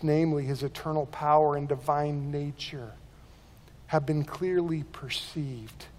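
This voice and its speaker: Pastor guy preaching, kinda high voice, lots of echo trailing off, keeps restarting words. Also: a little mellow. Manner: earnest preaching with repeated word restarts. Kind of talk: sermon. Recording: long hall reverb.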